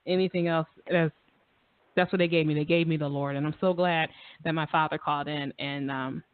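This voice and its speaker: A chatty radio host talks in a warm-hearted, effusive rush, circling back with fillers and repeats. The sound is dry and squeezed through a narrow phone line, with a mid-range voice. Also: medium pitch, fairly even intonation, brisk, no echo. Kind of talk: casual radio talk show chat.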